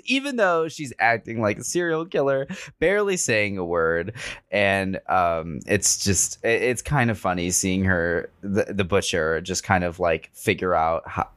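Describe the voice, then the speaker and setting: A young man with a low voice recaps a film in a campy, slangy style full of swearing. His talk is loose and chatty. The sound is dry and close to the mic. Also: a bit bright, no room sound. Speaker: podcast host. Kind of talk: casual movie recap.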